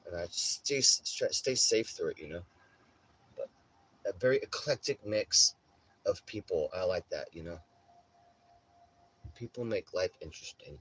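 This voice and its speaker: Guy streaming and rambling to chat, cussing, stumbling over his words, quiet hum behind him. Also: low voice, low-quality recording. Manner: rambling, profane, restarts often. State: says he has a headache. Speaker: livestreamer. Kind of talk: casual livestream storytelling.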